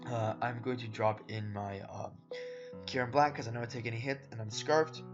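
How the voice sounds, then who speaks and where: A man's voice: mid-range voice, steady tone, brisk. A man giving casual voice-over commentary on his own competitive game matches. He rambles in a laid-back way, with lots of fillers, and talks to viewers as "guys" and "boys". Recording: dull lo-fi audio with background music. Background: soft guitar background music.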